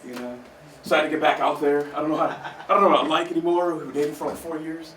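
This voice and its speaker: A man's voice: fairly high pitch, fairly even intonation, fast talker, fairly bright tone, distant mic, a little hiss or hum. A man doing a stand-up set at an open mic, talking conversationally to the crowd and laughing at his own jokes, recorded in a roomy small theater from afar. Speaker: stand-up comedian.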